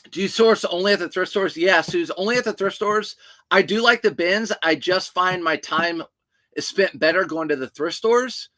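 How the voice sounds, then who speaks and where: A man's voice: fairly high pitch, pushed and bright. A man hosting a casual livestream about reselling, reading out viewer questions and answering them in a chatty, direct way.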